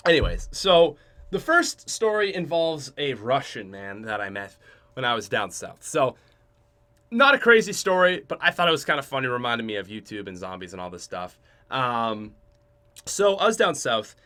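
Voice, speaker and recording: A young man hosts a casual podcast and rambles through a story with a lot of self-mockery. His voice is bright and edgy, his pitch climbs and drops all over the place, and he keeps restarting sentences and trailing off. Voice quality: chatty, joking, self-mocking. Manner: restarts and trails off often, swings loud and soft. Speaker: podcast host.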